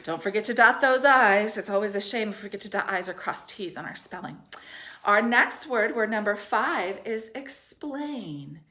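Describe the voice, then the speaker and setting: A woman teacher leading a third grade spelling dictation, speaking slowly and sounding out each syllable and letter with care. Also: mid-range voice, pushed and bright. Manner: slow, clearly enunciated, sounding out letters and syllables. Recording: roomy echo.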